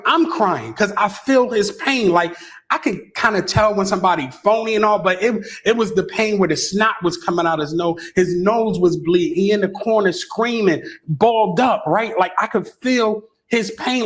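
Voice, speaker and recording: A middle-aged man telling a long story as an interview guest. He keeps checking in with "right?" and stumbles over restarts. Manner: keeps asking "right?" with frequent stammered restarts; shifts into a higher voice when quoting others.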